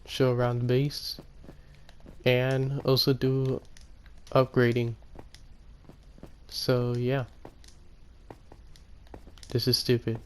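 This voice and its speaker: A man casually commenting on his own gameplay, rambling and correcting himself, often speaking quietly. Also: medium pitch, completely flat delivery, extremely slow, pauses often, clear, resonant tone. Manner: rambling, self-correcting, soft-spoken. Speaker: gaming YouTuber.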